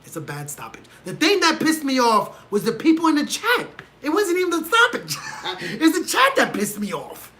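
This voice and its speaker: Animated high-voiced man ranting on stream. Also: moderate pace. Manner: animated, ranting and exasperated, talks to chat. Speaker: livestream host reacting to fights. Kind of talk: casual livestream chat. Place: home room.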